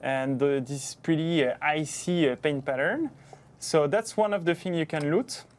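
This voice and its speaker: A man with a French accent presents a game update in a casual livestream. He speaks slowly and carefully, often pausing on fillers as he searches for the word. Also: a little high. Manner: hesitant, many fillers, slow and careful.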